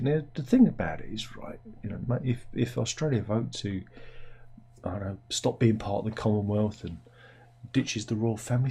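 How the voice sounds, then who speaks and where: Wry man with a husky, low voice. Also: normal speed, warm tone. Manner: wry, rambling, sardonic asides. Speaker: host. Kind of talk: casual satirical news commentary.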